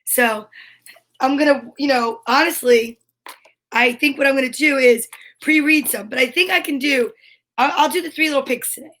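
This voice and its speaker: A woman's voice: high voice, normal speed, fairly bright tone. A woman hosting a children's story time in a cheerful, goofy way, reading out long lists of names. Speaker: host of a kids' story time show. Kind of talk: casual chat to children.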